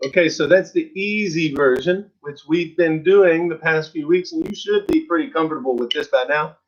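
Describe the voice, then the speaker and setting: Drum teacher guy, kinda high voice, counts beats out loud, chill and encouraging, muffled recording. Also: moderate pace. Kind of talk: online drum lesson with counting along. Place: percussion studio.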